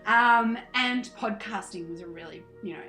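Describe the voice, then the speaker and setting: A woman's voice: mid-range voice, normal speed, pushed and bright, echoey room, faint music behind, low-quality recording. An Australian woman in her thirties, a podcast guest chatting animatedly, laughing often and acting out her past self. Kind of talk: casual interview chat.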